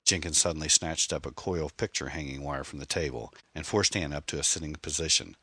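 A man narrates a mystery novel in a measured, dramatic reading. His voice sits very low with a bright, forceful tone, and the sound is close and dry. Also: husky, no room sound. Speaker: audiobook narrator. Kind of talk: scripted narration.

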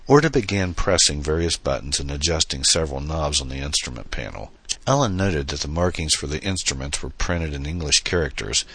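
Guy narrating an audiobook, super deep voice but bright and a bit husky, dry close mic. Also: no echo. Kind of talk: scripted narration.

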